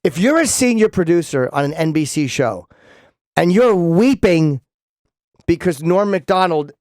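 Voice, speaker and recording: A man's voice: fairly high pitch, lively intonation, unhurried, a little mellow, no room sound. A male radio host in casual studio banter, rambling through stammered restarts and swearing freely.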